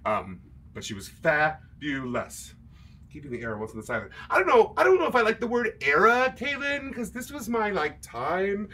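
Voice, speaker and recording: High-pitched and pushed, his bright voice swings hugely in pitch at a moderate pace. He's a livestream singer and host, joking at his own expense and chatting with viewers between show tunes.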